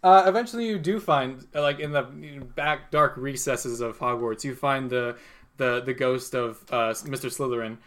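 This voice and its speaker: A man's voice: medium pitch, moderate pace, fairly bright tone. A man running a tabletop role-playing game as game master, narrating casually with frequent fillers. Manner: casual, hesitant, many fillers and laughs.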